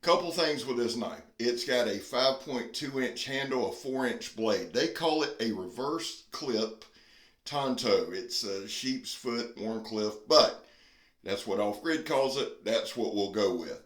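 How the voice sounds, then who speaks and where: A man's voice: medium pitch, animated, measured pace. A man hosting a casual knife review vlog, talking in a folksy, earnest, plain-spoken way. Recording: roomy echo.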